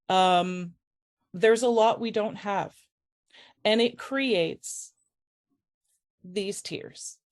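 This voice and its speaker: Audibly on the verge of tears, a woman faculty member delivers a personal conference talk in a medium-pitched voice. The setting is a conference room, and her speech is halting and full of restarts.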